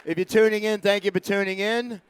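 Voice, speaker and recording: A middle-aged man hosting a live stage show at a trade convention, introducing a speaker in an energetic, chatty way. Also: sits high, a little fast, clean tone. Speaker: host.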